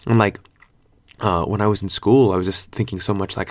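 A man's voice: low-pitched, fairly even intonation, brisk, no echo. A man in his twenties talking in a laid-back, slangy vlog monologue, swearing freely and rambling with lots of fillers. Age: 20s. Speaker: vlogger.

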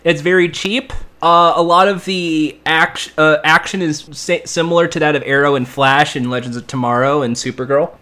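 A man's voice: on the high side, steady tone, normal speed, bright, forceful tone. A man hosting a casual podcast, swearing and rambling while his mouth burns from spicy chips. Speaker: podcast host eating hot chips. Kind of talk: casual banter, answering questions.

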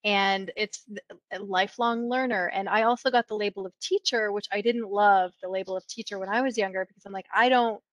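A woman's voice: medium pitch, fairly even intonation, a little fast, no echo, lo-fi sound. A woman hosting a casual talk, asking curious questions. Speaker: host. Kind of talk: casual interview chat.

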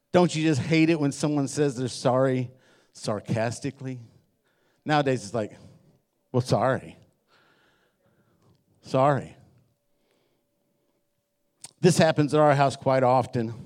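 A man's voice: medium pitch, a little mellow. A middle-aged man preaching a sermon as pastor in a church, joking and telling stories while acting out the voices he quotes.

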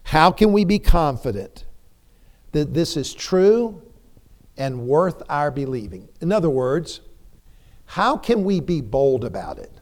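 In a church sanctuary, a man delivers a slow, deliberate sermon in a voice a little higher than most men's, with a sing-song, darkish tone. He's emphatic, repeating phrases and firing pointed rhetorical questions as his intensity swells and drops.

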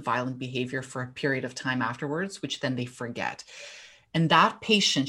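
A man in casual chat who talks in quick bursts and trips over his words, repeating his starts. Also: on the high side, pushed and bright.

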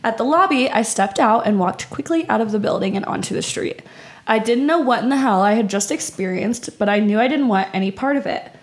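A woman with a slightly high voice reads a creepy first-person tale aloud for a podcast. She moves between steady reading and loose, laughing chat with a co-host, swearing casually as she goes. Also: a little fast.

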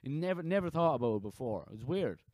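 A man's voice: medium pitch, sing-song, fast, a little mellow, no room sound. Guy in his 30s hosting a chatty podcast, keeps restarting his sentences, dry close sound. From Ireland. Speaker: podcast host. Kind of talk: casual interview chat.

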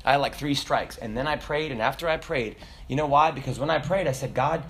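A man preaching a sermon, telling stories with laughter in an animated, lively way. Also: medium pitch, fast talker. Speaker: pastor.

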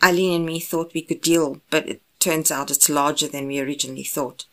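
A keyed-up younger brother calling about a job, as a woman narrator puts him on. He talks fast and loud, his pitch climbing above the narrator's usual low voice. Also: steady tone. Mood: urgent. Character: younger brother on the phone, urgent, man.

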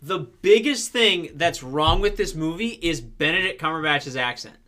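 A young man co-hosting a casual podcast chat, animated and emphatic, with lots of "like". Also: fairly high pitch, normal speed. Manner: animated, emphatic, heavy use of "like". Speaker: podcast co-host.

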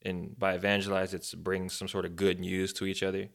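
A man's voice: low-pitched, fairly quick, vocal fry. A man co-hosting a podcast, talking casually about faith and prayer with many fillers and restarts. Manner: rambling, animated, many fillers. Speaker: podcast co-host.

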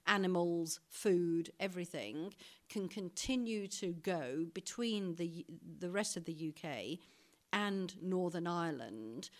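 A woman ambassador answering interview questions in a measured, diplomatic way, with frequent ums and careful restarts. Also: on the low side.

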